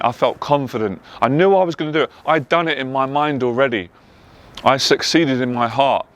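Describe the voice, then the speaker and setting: A man's voice: medium pitch, fairly bright tone. Earnest London man sharing his story. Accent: London English. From England. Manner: earnest, emotional, repetitive emphatic phrasing. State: tearful at times. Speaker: motivational speaker. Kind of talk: personal testimony monologue.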